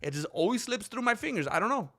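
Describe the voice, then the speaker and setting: A man's voice: sits high, big pitch swings, quick pace, fairly bright tone. A man hosting a casual livestream, rambling and talking back to chat comments. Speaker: channel host.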